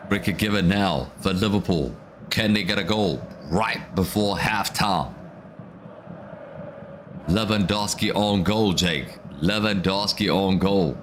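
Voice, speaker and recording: Brief: male streamer, lowish voice, fired-up football reactions, repeats lines for emphasis. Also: takes it slowly, noisy background. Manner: excitable, ranting, repeats himself. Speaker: watch-along streamer. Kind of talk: live football reaction commentary.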